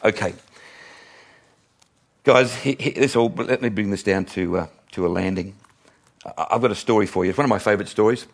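A man's voice: fairly low pitch, a little fast, long pauses. An older man preaching a sermon to his congregation, chatty and self-mocking, often laughing with the crowd. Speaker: pastor.

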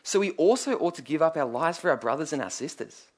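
A man's voice: on the high side, expressive, fast, slightly rough. A man preaching a sermon, earnest and emphatic, telling stories and asking rhetorical questions.

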